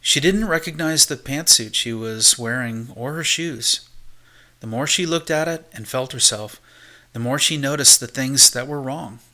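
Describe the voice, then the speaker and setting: Male amateur audiobook narrator, steady and measured, bright voice. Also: medium pitch.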